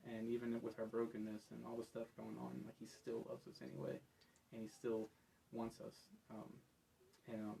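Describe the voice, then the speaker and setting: Man, podcast guest, earnest confessional testimony, flat monotone, faint noise. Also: medium pitch, creaky, rough recording. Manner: earnest, confessional, many fillers. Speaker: guest in recovery. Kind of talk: personal testimony in casual talk.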